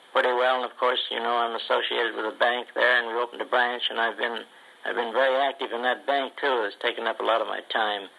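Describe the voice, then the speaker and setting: A man's voice: mid-range voice, creaky, pushed and bright, rough recording. An older man rambling in a folksy recorded letter. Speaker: ventriloquist.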